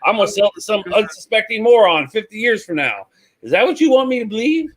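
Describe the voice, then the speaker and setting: A man on a talk show, telling a lively anecdote and acting out the voices. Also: high voice, fast. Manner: animated, acts out voices in anecdotes. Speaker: guest, reseller. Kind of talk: casual storytelling.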